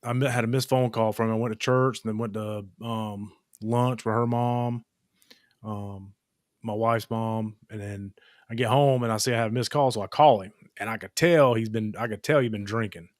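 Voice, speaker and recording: A man's voice: on the low side, fairly even intonation, moderate pace, no room sound, clean studio sound. A man hosting a podcast, telling a story in casual chat with blunt, profane language and lots of fillers. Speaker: podcast host. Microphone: podcast microphone.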